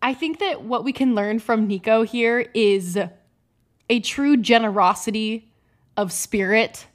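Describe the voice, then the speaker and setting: A woman's voice: on the high side, unhurried. A woman co-hosting a podcast, giggly and effusive in casual chat and reading book narration aloud. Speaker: podcast co-host.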